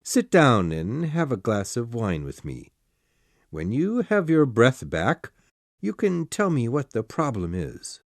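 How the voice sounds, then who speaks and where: A woman voicing a steady, reassuring middle-aged male lawyer in an audiobook, in a lowered, measured voice. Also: no room sound, studio quality, exaggerated voice. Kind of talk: audiobook character voice.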